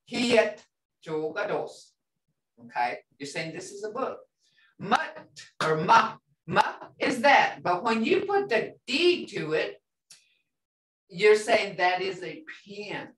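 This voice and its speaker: A woman's voice: medium pitch, distant mic. A woman teaching a language class, explaining patiently and repeating words with frequent checks of "okay?". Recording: roomy, off-mic classroom sound.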